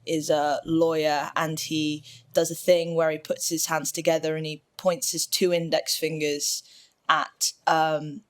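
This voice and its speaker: A stage actor calmly describing themselves and their roles for an audio introduction, pausing often on fillers. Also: medium pitch. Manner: unhurried, with frequent fillers.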